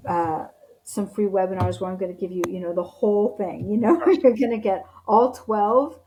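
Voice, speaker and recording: Earnest woman with a mellow voice. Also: medium pitch, normal speed, slight background noise, rough recording. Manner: earnest, encouraging, with frequent fillers and restarts. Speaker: leadership coach, podcast guest. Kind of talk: casual interview chat.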